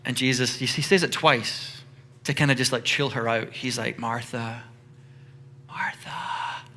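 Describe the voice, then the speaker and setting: A male pastor preaching a sermon in a loose, conversational way, with animated storytelling. His voice is bright and clear and sits at an ordinary pitch for a man. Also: normal speed, slight background noise.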